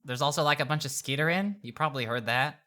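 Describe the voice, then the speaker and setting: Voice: medium pitch, fast, sharp tone. A player speaking in character and as themself during a tabletop game, playful and laughing. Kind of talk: casual tabletop play.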